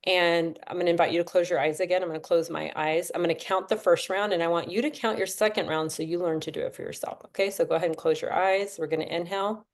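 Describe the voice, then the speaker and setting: A woman's voice: lowish voice, fairly even intonation, fast talker, few pauses. A woman leading a breathing class over a video call, chatty and encouraging as she counts the class through each step. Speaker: breathwork instructor.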